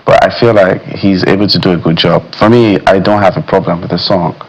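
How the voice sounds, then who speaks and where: A man speaking as a music critic in a studio discussion, measured and thoughtful, often saying "you know". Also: deep voice, fairly even intonation, vocal fry, low-quality recording. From Nigeria.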